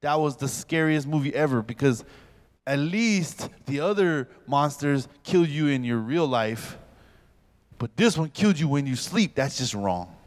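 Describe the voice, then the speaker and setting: Pastor in his forties, slightly high voice, lively comic storyteller lecturing a youth camp. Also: measured pace. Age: 40s. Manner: animated comic storytelling, acts out scenes.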